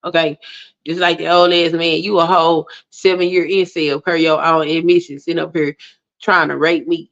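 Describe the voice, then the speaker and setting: A woman's voice: low-pitched, level tone, moderate pace. A woman hosting a livestream, ranting bluntly to her chat and swearing freely, with indignant peaks. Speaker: livestream host. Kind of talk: casual ranting monologue to a live chat. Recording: dull lo-fi stream audio.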